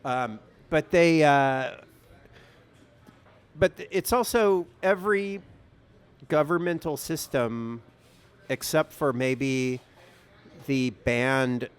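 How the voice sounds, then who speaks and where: A man's voice: medium pitch, slow, long pauses, clean tone. A man co-hosting a podcast, chatting casually over beers, rambling with many fillers and restarts. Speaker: podcast co-host.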